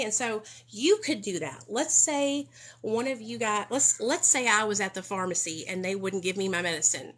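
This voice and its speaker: A woman's voice: a little high, a bit bright. A young adult woman chatting casually on a live stream, talking emphatically and defensively, reading viewer comments. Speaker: vlogger on recovery.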